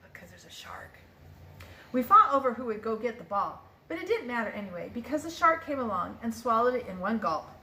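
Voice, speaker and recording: An older woman, a grandmother, reading a children's picture book aloud in a lively, expressive way with small slips. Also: a little high, quick pace, hardly any pauses. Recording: roomy echo.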